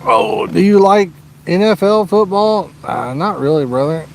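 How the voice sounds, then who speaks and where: A man with a Midwestern American accent hosts a live fishing stream outdoors. He talks in a relaxed, chatty way and answers viewers as he goes. His voice sits a bit high, and there is a faint hiss of outdoor noise behind him. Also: unhurried, creaky. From Midwest USA. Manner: laid-back, chatty, answers viewers' questions. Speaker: fishing livestream host. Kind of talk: casual livestream chat. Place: outdoors by a lake.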